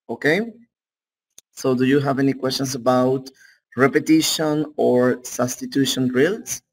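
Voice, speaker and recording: A man with a Peruvian Spanish accent, a native Spanish speaker teaching an English class online in an unhurried way, often checking in with "okay?". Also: medium pitch, low-quality recording. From Peru.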